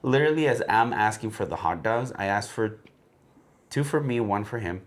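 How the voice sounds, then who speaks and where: A man's voice: fairly low pitch, expressive, moderate pace. A man and podcast co-host telling a casual anecdote, rambling with lots of fillers. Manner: rambling storyteller with many fillers.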